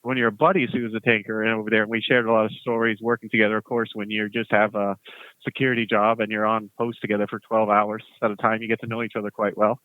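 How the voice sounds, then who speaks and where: A man, a former US Marine, telling rambling, animated stories as a podcast guest. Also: lowish voice, quick pace, dry recording. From United States. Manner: rambling, animated storytelling with laughs. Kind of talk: casual podcast chat. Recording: tinny phone-like line, dry.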